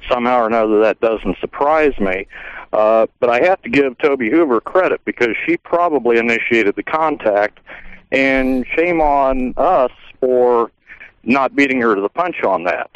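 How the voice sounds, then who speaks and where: A man's voice: medium pitch, animated, clean tone, no echo. Man calling in over a dull phone line. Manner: measured, hesitant with many uhs. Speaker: caller. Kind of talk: phone-in comments.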